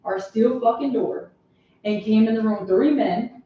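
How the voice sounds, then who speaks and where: A woman's voice: on the high side, a little slow. A woman from Pennsylvania telling a story in casual group chat, blunt and cursing freely. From Harrisburg, Pennsylvania. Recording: echoey, distant, muffled room recording.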